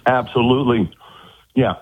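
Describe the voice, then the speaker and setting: A man telling of his abduction as an interview guest, halting and repeating words in earnest. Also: medium pitch, husky, no room sound. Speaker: guest recounting an abduction experience. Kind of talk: phone-in interview. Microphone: telephone. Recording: tinny phone line.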